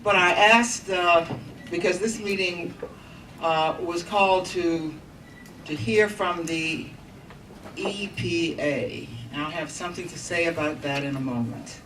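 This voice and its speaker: A woman hosting a community meeting as a congresswoman, giving formal opening remarks into a handheld microphone, halting and pausing with fillers. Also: on the low side, a bit bright. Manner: formal, halting delivery with frequent pauses and fillers. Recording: distant mic, noisy meeting room.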